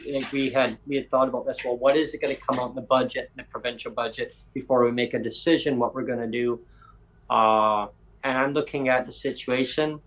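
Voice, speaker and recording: A man hosts a casual podcast chat and tells a story at length. He slips into other people's voices as he quotes them. His voice sits at an ordinary middle pitch. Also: steady tone, fairly quick, fairly bright tone, poor audio. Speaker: podcast host.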